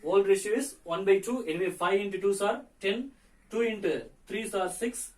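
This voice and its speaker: A man teaching an accountancy lesson, hoarse from a fever, explaining each step and repeating the figures. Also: high-pitched, normal speed, distant mic, poor audio.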